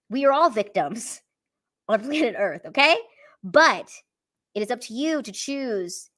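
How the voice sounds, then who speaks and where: A woman's voice: mid-range voice, a bit bright. Female streamer, mid-range voice, blunt and foul-mouthed but sincere, reads chat aloud in a loose, casual way. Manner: blunt, profane, earnest pep talk. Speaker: live stream host reading chat.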